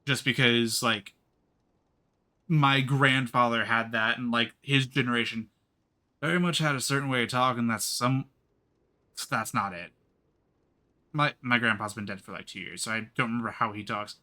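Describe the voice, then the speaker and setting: A man's voice: mid-range voice, steady tone, normal speed, long pauses, sharp tone. An American man with a slight rural twang, streaming a game and chatting casually in a rambling way. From United States. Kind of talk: casual gaming commentary.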